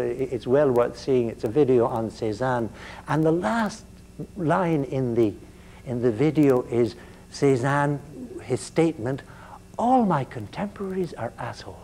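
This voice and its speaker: An older man giving a university lecture, halting and repeating words as he goes, with a wry sense of humor. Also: medium pitch, warm tone, slight background noise.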